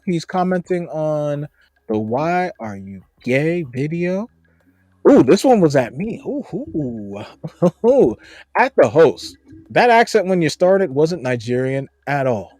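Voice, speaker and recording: A man's voice: a little high, expressive, measured pace, a little mellow, no echo, clean studio sound. A man from the United States co-hosting a podcast, reacting to viewer comments in a blunt, profane, sarcastic way. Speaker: podcast co-host.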